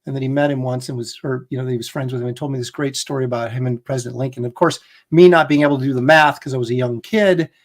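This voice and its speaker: A man's voice: mid-range voice, steady tone, very fast, hardly any pauses. A man hosting a casual livestream chat, telling rambling, jokey stories. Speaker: host.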